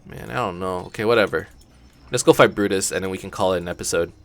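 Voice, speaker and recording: A man's voice: low voice, quick pace, creaky. A man hosting a gaming channel, giving laid-back commentary as he plays, thinking aloud and swearing casually.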